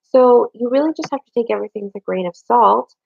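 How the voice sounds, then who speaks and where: A woman's voice: on the high side, quick pace, vocal fry, dry recording, lo-fi sound. A young adult woman and parent giving frank, chatty advice straight to her viewers. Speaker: vlogger and parent. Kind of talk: casual chat to camera.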